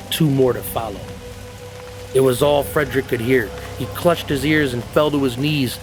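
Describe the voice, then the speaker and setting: A man's voice: medium pitch, low-quality recording. Man narrating a horror story over music. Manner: measured, ominous reading. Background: backing music.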